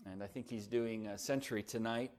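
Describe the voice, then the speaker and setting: A middle-aged man, a pastor, preaching a sermon, rising and pressing on key phrases, then dropping into quiet, chatty storytelling. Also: fairly low pitch, fairly even intonation, brisk.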